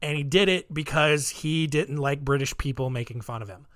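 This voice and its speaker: A man's voice: on the high side, moderate pace, a bit bright. A man hosting a solo podcast, telling stories in a rambling, offhand way full of ums and wry asides. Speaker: podcast host. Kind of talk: casual solo podcast storytelling.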